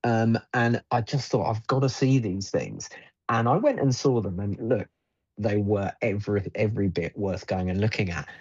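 A man joins a radio show as a travel guest, rambling enthusiastically with lots of fillers and restarts. His voice sits a little low. The line sounds dull and lo-fi. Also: moderate pace, a little mellow, breathy edge. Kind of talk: radio interview chat.

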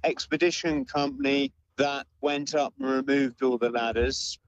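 A man being interviewed about a mountaineering expedition, speaking in a measured way with fillers and pauses. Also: mid-range voice, fairly even intonation, no room sound, highs cut off. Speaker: mountaineer guest. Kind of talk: remote interview answers.

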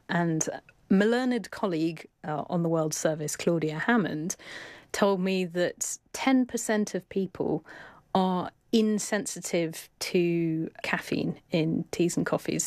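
A woman's voice: fairly low pitch, darkish tone, dry recording. Chatty lady radio host, playful, dry close studio mic. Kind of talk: radio show chat.

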